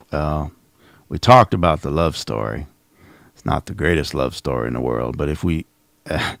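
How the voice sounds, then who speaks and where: A man's voice: rumbling low, moderate pace, gravelly, no echo, clean studio sound. A man hosting a video that reacts to clips, mocking and sarcastic, often restarting his sentences. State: coughing. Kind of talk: casual commentary.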